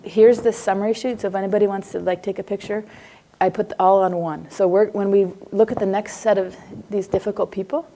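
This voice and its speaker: A woman's voice: mid-range voice, fairly even intonation, fairly quick, dark tone. A woman, middle-aged, teaches a psychology class in a conversational, roundabout manner. She drifts into asides, laughs easily and keeps asking her students if they follow. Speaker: psychology lecturer. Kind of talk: live class lecture.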